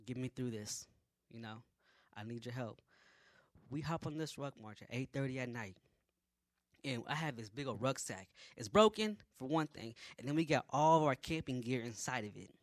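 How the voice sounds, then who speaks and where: A young man, an army private, telling a personal story in a casual, animated way, dropping to low mutters and rising to loud exclamations. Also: no room sound. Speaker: army private recounting training.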